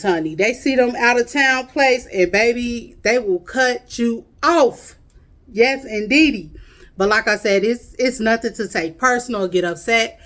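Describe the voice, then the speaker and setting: A woman's voice: fairly high pitch, fairly bright tone. Drawling woman with a Chicago accent. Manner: drawling, chatty, addresses viewers as y'all and honey. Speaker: vlogger. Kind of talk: casual chat to viewers.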